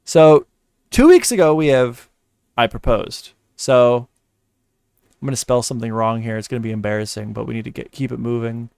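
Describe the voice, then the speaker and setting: A man's voice: mid-range voice, moderate pace, creaky, a little mellow, clear, resonant tone. A man talks through a live commentary stream as he edits, muttering to himself and repeating words under his breath. He swears often out of frustration. The sound is dry and close, with no room echo. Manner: frustrated muttering and cursing while editing.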